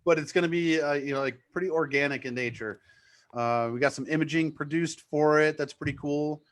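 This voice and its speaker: Male DJ, New England accent, eager rambling talker, casual chat. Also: a little high. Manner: excited, fast and rambling. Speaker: DJ promoting his live mix show.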